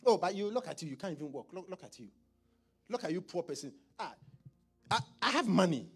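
A haughty rich man, shrieking high and loud as he mocks the poor. His husky voice sputters, trips and repeats itself, swinging wildly up and down with outrage. Faint music sits behind him. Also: very animated, brisk, exaggerated voice. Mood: scornful. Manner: shrill, shouting, sputtering and repeating himself.

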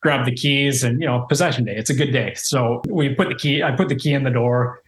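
A man's voice: medium pitch, brisk. Guy from canada rambling thru a story, lots of uhs, echoey room. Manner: rambling, lots of fillers and restarts. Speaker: real estate investor guest. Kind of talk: casual storytelling in an interview. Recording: roomy echo.

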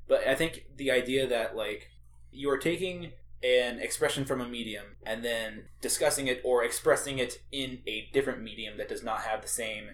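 A man's voice: medium pitch, normal speed, a bit bright, slight background noise. A man in a casual discussion who agrees often and talks hesitantly, restarting his sentences.

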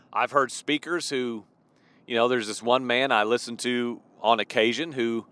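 A man's voice: mid-range voice, a bit bright, no echo. A man preaching an informal devotional sermon, emphatic and repetitive, with casual fillers between his points. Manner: emphatic, repeats key phrases, casual fillers.

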